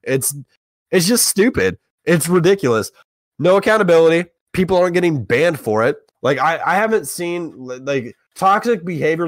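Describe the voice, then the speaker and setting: A young man co-hosting a gaming podcast, ranting in a heated, profane, emphatic way that climbs higher when he gets worked up. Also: no echo. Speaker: podcast co-host. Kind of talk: heated casual rant.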